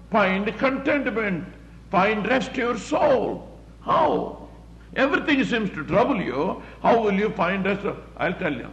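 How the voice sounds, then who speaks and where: A man's voice: sits high, a bit bright. Man preaching a sermon, echoey room. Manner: plain-spoken, repetitive, halting with fillers. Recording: roomy, muffled recording with faint background hum.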